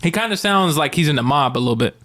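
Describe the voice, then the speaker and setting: A man's voice: on the high side, fast talker. A young man co-hosting a podcast, casually telling a rambling story with lots of fillers and easy laughs. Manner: relaxed, rambling, many likes and ums, laughs often. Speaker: podcast co-host.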